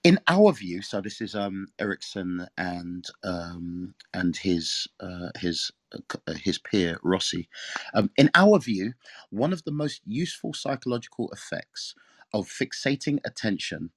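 A man's voice: low voice, animated, a little slow, no room sound. A man from England with an English accent, hosting a casual live audio chat room, talking in a chatty, rambling way and reading aloud to listeners.

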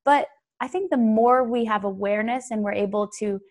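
Earnest higher-voiced woman host. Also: brisk. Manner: warm, earnest and encouraging. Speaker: podcast host. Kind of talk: casual interview talk.

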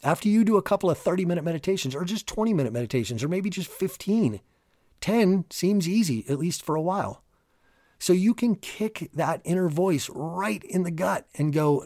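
A man hosting a solo motivational podcast, talking in an energetic, emphatic, casual coaching tone. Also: high-pitched, moderate pace, no room sound, studio quality. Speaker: podcast host.

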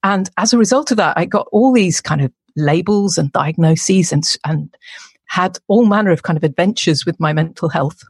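A woman's voice: on the low side, moderate pace, slightly rough, no echo. An English woman in her forties, a podcast guest, talking candidly and with self-deprecating humor. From England. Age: 40s. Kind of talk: casual interview talk.

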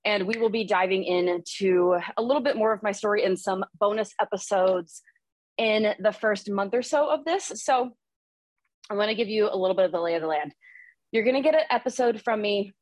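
A woman's voice: medium pitch, fairly quick, no room sound. Breathless, candid woman podcast host. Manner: energetic, candid, swears freely. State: a little out of breath. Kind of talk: casual podcast monologue.

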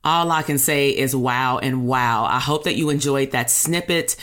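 A woman coaching therapists in an excited, animated workshop voice, acting out both sides of a dialogue. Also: very deep voice, measured pace. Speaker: business coach and podcast host. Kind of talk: live workshop coaching, then podcast outro.

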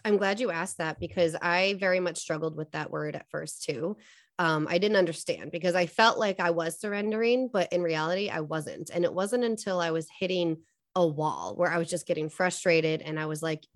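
A woman's voice: on the low side, normal speed, dry recording, clean studio sound. A young adult woman, a coach, talking earnestly in a casual podcast interview, telling stories with many fillers. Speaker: guest coach.

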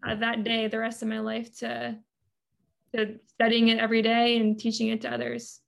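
A woman's voice: on the high side, monotone, moderate pace, gravelly. A woman guest on a podcast, telling her story in earnest, chatty talk with many fillers. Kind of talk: casual interview talk.

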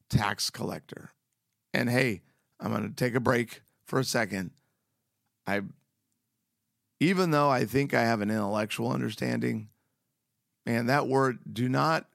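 A man's voice: medium pitch, a little slow, gravelly, pauses often, fairly bright tone, no room sound, studio quality. A man giving a casual, earnest devotional talk as a preacher, with slangy, emphatic asides.

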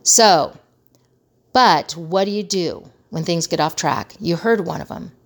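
A woman's voice: fairly low pitch, measured pace. A middle-aged woman hosting a casual advice talk, earnest and conversational, acting out remarks she quotes. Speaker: host.

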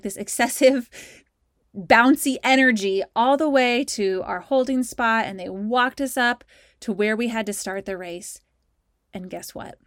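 A woman telling a personal story from her school sports days, animated and conversational, acting out her own thoughts along the way. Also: mid-range voice, dry recording, studio quality. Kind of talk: storytelling talk.

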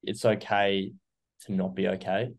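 A man's voice: low voice, flat delivery, unhurried. A young man, earnestly reflecting on his recovery as an interview guest, with many fillers. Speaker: guest sharing recovery story. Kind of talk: casual interview.

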